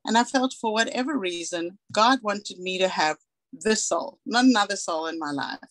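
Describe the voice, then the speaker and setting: A woman's voice: medium pitch, normal speed, a bit bright, dry recording, poor audio. Earnest woman telling her story, dry sound. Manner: earnest, candid, acts out quoted dialogue. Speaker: guest speaker. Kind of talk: personal storytelling talk.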